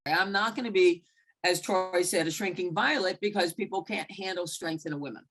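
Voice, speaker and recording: A woman basketball referee telling frank stories in a mentoring talk, acting out the exchanges she recalls. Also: moderate pace. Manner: animated, acts out quoted exchanges with big pitch jumps; blunt and frank, with occasional mild swearing. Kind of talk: candid storytelling in a mentoring talk.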